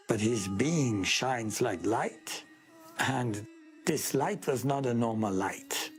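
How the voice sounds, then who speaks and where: Man, mid pitch, earnest, deliberate, testimony interview. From Iran.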